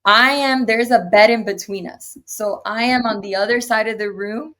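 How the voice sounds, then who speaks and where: A woman's voice: on the high side, normal speed, slight background noise. Woman telling her story, acting out quotes. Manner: animated retelling with acted quotes. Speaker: interview guest. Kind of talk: personal storytelling.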